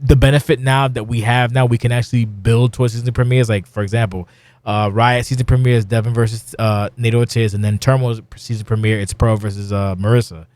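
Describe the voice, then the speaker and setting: A man's voice: medium pitch, steady tone, brisk, a little mellow, no room sound. Middle-aged man, podcast host, blunt and profane, rambling chat, dry close recording.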